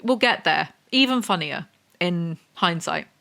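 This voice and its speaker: A woman's voice: fairly low pitch, lively intonation, measured pace, creaky, pushed and bright. A woman reviewing a romance novel in a comedic rant, reading passages aloud and mocking them with sarcastic asides. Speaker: book reviewer.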